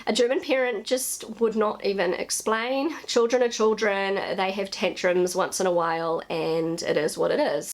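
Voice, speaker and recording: Vlogger, woman in her thirties, New Zealand accent, conversational with some vocal fry. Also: mid-range voice. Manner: chatty, conversational, with relaxed asides. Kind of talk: casual vlog commentary.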